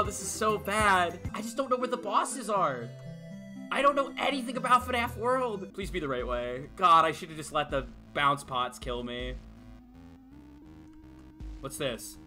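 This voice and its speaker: A man streaming a video game, giving frantic, excitable commentary as he yells, laughs and swears. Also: high-pitched. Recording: game music playing clearly behind.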